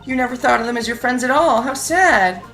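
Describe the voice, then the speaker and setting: Guy doing cold cutting prosecutor guy, crisp bright tone. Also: very high-pitched, a little fast, faint music behind, pitched above the performer's own voice, exaggerated voice. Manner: cool, cutting declarations. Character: composed male prosecutor, cool and cutting.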